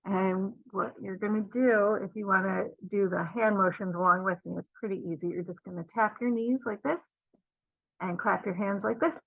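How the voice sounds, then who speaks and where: A woman leading a children's storytime, gently encouraging kids and singing along. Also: mid-range voice, moderate pace, vocal fry, no echo, highs cut off.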